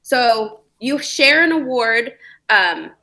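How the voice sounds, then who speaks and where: A woman's voice: a little high, lively intonation, slow, bright, forceful tone, low-quality recording. A woman guest on a podcast, chatting playfully and handing out mock awards. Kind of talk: casual chat.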